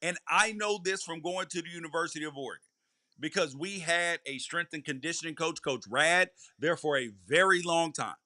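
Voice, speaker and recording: Male sports podcast host, high voice, bright and forceful tone, emphatic, repeats himself for emphasis, live commentary. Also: moderate pace, no room sound, clean studio sound. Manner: emphatic, repeats key points. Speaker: former college football player. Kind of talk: live college football commentary.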